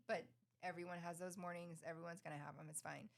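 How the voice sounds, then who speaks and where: A middle-aged woman co-hosting a casual podcast chat, bubbly and quick to laugh, acting out her mornings with her son. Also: lowish voice, gravelly. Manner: bubbly, laughs often, animated retellings. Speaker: podcast co-host.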